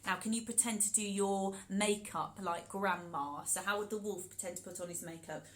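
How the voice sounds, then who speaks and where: A woman telling an interactive children's story, animated and encouraging, often talking straight to the children. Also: mid-range voice, moderate pace, poor audio. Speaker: storyteller and workshop leader.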